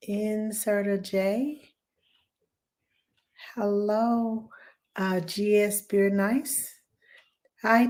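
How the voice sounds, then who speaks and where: A woman, hoarse from laryngitis, chatting warmly as she hosts a live cooking demo and greets viewers by name. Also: medium pitch. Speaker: cooking show host.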